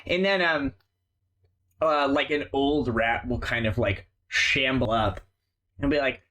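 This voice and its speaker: A man's voice: medium pitch, fairly even intonation, slow pace, bright, forceful tone. A man narrating a tabletop game as game master, rambling with many fillers.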